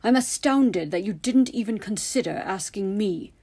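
A woman's voice: mid-range voice, expressive, normal speed, warm tone, slightly rough, no room sound. Woman reading a snapping, bitter male teacher. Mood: angry. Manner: curt, snapping. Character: bitter male potions teacher, sharp-tongued, quick to anger.

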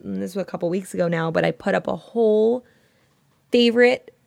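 A young woman co-hosting a podcast, talking casually and giggling as she reads out a story. Her voice has a gravelly fry to it. The sound is dry and close on a studio mic. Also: mid-range voice, brisk, darkish tone, no room sound. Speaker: podcast co-host. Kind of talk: casual chat and reading a listener story.

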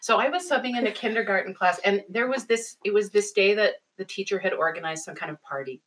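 A young adult woman co-hosting a podcast, telling animated classroom stories with frequent laughter. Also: medium pitch, fast talker, rough recording. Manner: animated storytelling, laughs often, acts out kids' voices. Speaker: podcast co-host. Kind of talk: casual chat.

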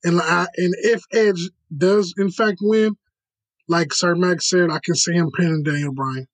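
A man's voice: sits high, fairly even intonation, a little slow, no room sound, poor audio. A man hosting a casual podcast chat, steering the talk and recapping events.

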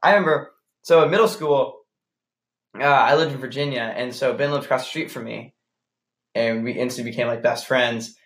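A man's voice: medium pitch, brisk, reverberant. A young man co-hosting a podcast in casual chat, playful and laughing often, jokingly acting out lines. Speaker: podcast co-host.

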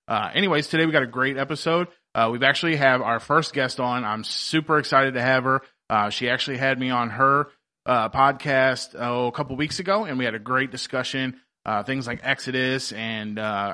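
A man's voice: mid-range voice, sharp tone. A man hosting a faith podcast, chatting casually in an upbeat, rambling way with many fillers and restarts. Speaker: podcast host.

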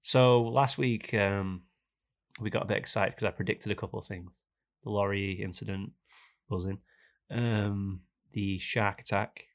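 A man's voice: on the low side, steady tone, unhurried. A man co-hosting a casual banter podcast, rambling and slipping into mocking voices. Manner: rambling, mimics people in skits. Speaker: podcast co-host.

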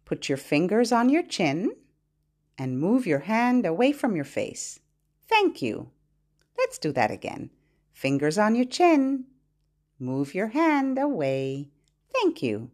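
A woman hosting a podcast for babies, singing nursery rhymes and fingerplays in a playful, sing-song way and giving parents gentle instructions. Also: medium pitch, wildly swooping pitch, slow pace, pauses often.

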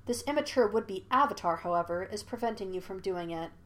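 Stern old male spirit, cool and lecturing, read by a woman. Measured, disapproving delivery for a storybook audiobook. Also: mid-range voice, animated, a bit bright, natural voice.

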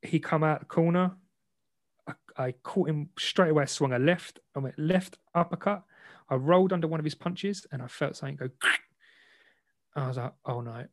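A man, an interview guest and boxer, frankly recounting a personal story in a self-deprecating, animated way. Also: a little high, moderate pace, no room sound.

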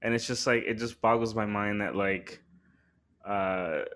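A podcast host's voice is lowish, a bit bright and clean, with a steady tone and measured pace. He rambles through a story in casual chat laced with slang and swearing, his voice rising when he gets worked up.

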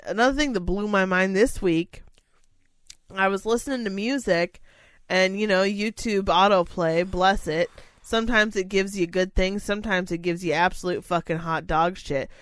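A woman's voice: medium pitch, moderate pace, no echo. A woman co-hosting a casual podcast, ranting with lots of swearing and exasperation. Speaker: podcast co-host. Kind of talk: casual chat.

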